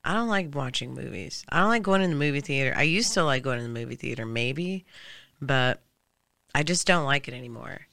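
A woman's voice: a bass voice, expressive, fairly quick, fairly bright tone. A woman hosting a casual show, chatty and loose, laughing often between her remarks. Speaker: host. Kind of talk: casual chat.

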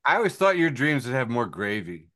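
A man's voice: mid-range voice, sing-song, fairly quick, fairly bright tone. A man co-hosting a casual podcast, tossing in dry, wisecracking asides. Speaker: podcast co-host. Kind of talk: casual chat.

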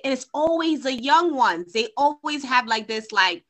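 A woman's voice: high-pitched, lively intonation, moderate pace, hardly any pauses, sharp tone, slight background noise. A woman guest on a podcast, chatting casually and animatedly, acting out quotes as she tells stories.

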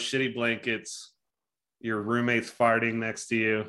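Man, 30s, casual podcast host, bright voice, jokey, swears. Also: mid-range voice, monotone, measured pace. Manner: joking, offhand, swears freely. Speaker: podcast co-host running a trivia game. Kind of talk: casual chat.

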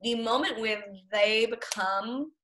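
A woman's voice: on the high side, slow pace, fairly bright tone, slight background noise. A woman chatting casually about a cartoon series, enthusiastic and rambling with many fillers.

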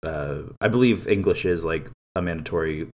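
A man with a very low voice co-hosting a laid-back podcast. He goes off on loose tangents and laughs easily between thoughts. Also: normal speed, a little mellow. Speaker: podcast co-host. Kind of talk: casual anime podcast chat.

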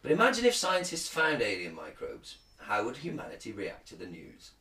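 A man's voice: fairly low pitch, huge pitch swings, moderate pace, sharp tone, reverberant, poor audio. A man co-hosting a casual podcast, reading a news article aloud and joking and swearing along the way. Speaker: podcast co-host.

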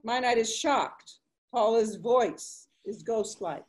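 A woman's voice: a little high, takes it slowly. A woman reading the stage directions of a play aloud in a plain, matter-of-fact way.

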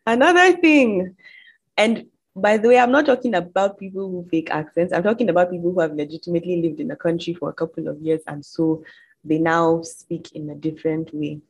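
A young woman from Nigeria with a Nigerian English accent, chatting to camera in an animated, exasperated way. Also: on the low side, a little fast, slightly rough, poor audio. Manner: animated, exasperated storytelling with mocking quoted voices. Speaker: vlogger. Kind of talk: casual chat to camera.

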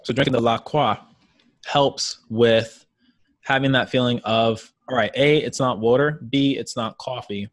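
A man's voice: medium pitch, steady tone, measured pace, dry recording. Laid-back man, dry sound. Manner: filler-heavy, laid-back, trails off. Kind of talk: casual chat.

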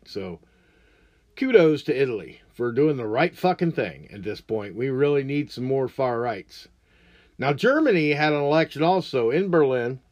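A man's voice: on the high side, a little mellow, no room sound, lo-fi sound. A man hosting a show, ranting about politics in a blunt, crude, mocking way. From United States. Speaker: podcast host. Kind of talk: profane political rant.

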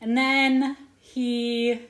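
A woman's voice: on the high side, level tone, a bit bright, roomy sound. Profane, rambling woman recapping a movie. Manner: profane, tangent-prone, rapid retelling with mock voices. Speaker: podcast co-host. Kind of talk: casual movie recap chat.

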